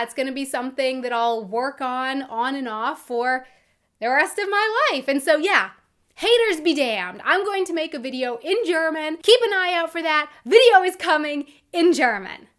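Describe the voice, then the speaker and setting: A young American woman talking casually to her camera as a vlogger, earnest and quick to laugh. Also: sits high, a bit bright. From United States.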